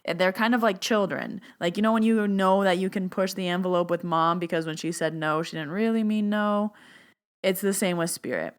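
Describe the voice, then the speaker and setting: Woman podcast host, smooth clear voice, chatty with lots of "like", gets loud and stern for emphasis. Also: mid-range voice, steady tone, a little fast. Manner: emphatic, stern and loud when quoting her own boundary commands; chatty, with "like" fillers and playful asides. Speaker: podcast host, spiritual medium. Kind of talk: casual solo podcast talk.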